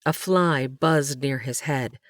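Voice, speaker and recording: Casting: low-voiced woman narrator, slow measured reading, dry close mic. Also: no room sound. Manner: measured, even storytelling. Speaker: audiobook narrator. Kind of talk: scripted narration.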